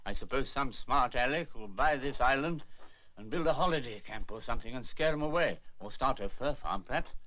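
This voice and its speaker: An actor playing a gruff, kindly old English squire in a wheelchair, with bluff, old-fashioned exclamations, in a 1960s film drama. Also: male voice, medium pitch, lively intonation, fairly quick, sharp tone. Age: older.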